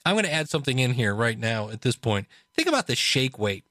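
A man casually talking through a book he is reading, chatty, with restarts and animated asides. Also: medium pitch, a little fast, no room sound, clean studio sound. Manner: conversational, frequent restarts and fillers. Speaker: podcast host reviewing a book.

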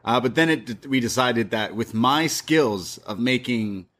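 A young man co-hosting a podcast, telling stories in an animated, swearing, laughing chat. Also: medium pitch, a little slow. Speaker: podcast co-host. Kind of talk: casual chat.

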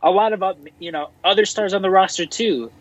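A man guest co-hosting a podcast in relaxed, casual chat, with fillers as he weighs his points. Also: sits high, a little fast, no echo, lo-fi sound. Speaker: guest co-host.

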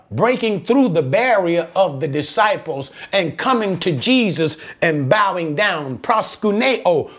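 Slow, animated male preacher. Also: high voice. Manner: teaching, asks rhetorical questions to the listeners; emphatic, repeats key phrases. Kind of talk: sermon.

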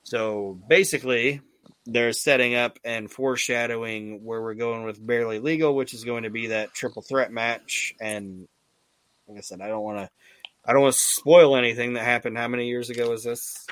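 A man hosting a wrestling podcast, chatting casually, swearing a lot and rambling excitedly with many restarts. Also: mid-range voice, normal speed, dry recording. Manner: profane, enthusiastic, rambling with restarts. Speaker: podcast host.

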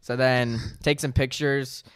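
List: man, young adult, co-host, animated casual chat, bright tone, dry sound. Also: medium pitch, a little slow, clean tone, no room sound. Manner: animated storytelling, acts out quoted people. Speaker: podcast co-host.

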